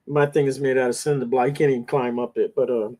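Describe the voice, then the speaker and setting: A man's voice: medium pitch, flat delivery, fast, dark tone. A man telling rambling stories in a casual chat, with coarse slang.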